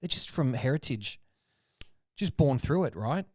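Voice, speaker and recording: A man's voice: mid-range voice, measured pace, slight background noise. A man, co-hosting a podcast in loose, casual chat full of swearing and acted-out bits. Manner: swearing, loose and animated, acts out prank-call voices. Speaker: podcast co-host.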